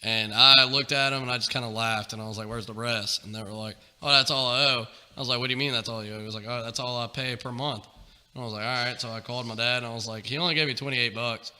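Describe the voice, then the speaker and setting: A man's voice: mid-range voice, fairly even intonation, fast talker, pushed and bright. A young man, telling rambling stories on a podcast, laughing and swearing freely. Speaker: podcast co-host. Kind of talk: casual storytelling chat. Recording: roomy reverb with faint noise.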